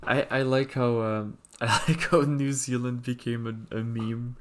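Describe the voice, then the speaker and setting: A man's voice: medium pitch, steady tone, measured pace, noisy background. A man hosting a podcast, telling stories in casual chat and chuckling often. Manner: storytelling, chuckles often, slight restarts.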